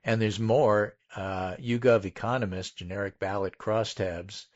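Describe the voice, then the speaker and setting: A man's voice: fairly low pitch, fairly even intonation, unhurried, darkish tone. A man hosting a casual political talk show, running through poll numbers with emphasis. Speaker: political podcast host. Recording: dull lo-fi audio.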